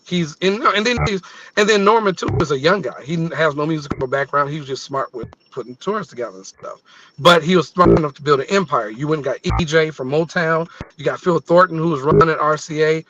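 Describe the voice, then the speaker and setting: A man co-hosting a live show over a video call, telling stories in a casual, animated way that often trails off and restarts. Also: fairly high pitch, a little fast, highs cut off, background noise. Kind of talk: casual chat.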